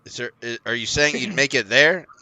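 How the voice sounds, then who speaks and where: A man's voice: medium pitch, a little fast, sharp tone. A man co-hosting a casual show, chatting and pressing for straight answers. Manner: earnest questioner, pushes for straight answers. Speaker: podcast co-host. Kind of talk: casual chat.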